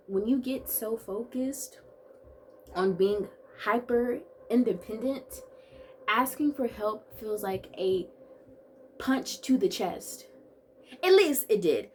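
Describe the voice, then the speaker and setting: A chatty young woman in her twenties talking straight to camera, bubbly and playful, tossing in quick asides. Her voice sits at an ordinary middle pitch. A faint hiss of noise sits under her. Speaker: vlogger. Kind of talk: casual chat to camera.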